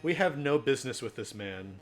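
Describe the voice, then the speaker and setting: A man's voice: medium pitch, animated, fairly quick. A man chatting casually and joking while playing a game with friends. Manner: joking, laid-back. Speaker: let's play co-host. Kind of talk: casual chat over a game. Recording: music under voice.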